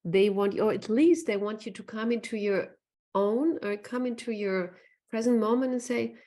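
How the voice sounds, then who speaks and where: A woman's voice: mid-range voice, steady tone, moderate pace, warm tone. A woman who works as an animal communicator gives an earnest live online talk, reading from the chat and often asking "right?". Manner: earnest, repeats phrases, often asks "right?".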